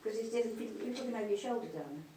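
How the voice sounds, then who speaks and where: A woman's voice: fairly high pitch, animated, fast, warm tone. A woman works as a medium in front of a live audience, speaking in a tender way and calling people darling and sweetheart. Her mid-range voice rings around a hall from some distance away from the mic, with a faint hiss behind it. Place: spiritualist church hall.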